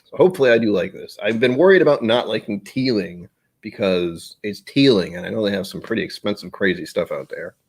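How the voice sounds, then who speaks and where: A man hosts a relaxed live stream, chatting while he tastes. His voice sits fairly low but jumps around a lot in pitch. He rambles, loses his train of thought and pokes fun at himself. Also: fairly quick, husky. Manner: rambling, self-deprecating, easily sidetracked. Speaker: whiskey stream host. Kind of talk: casual live-stream chat.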